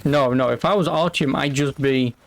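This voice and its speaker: A man's voice: medium pitch, moderate pace, slight background noise. A young British man streaming a game, casually bantering with his chat, sarcastic and swearing. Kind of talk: casual live-stream chat while playing.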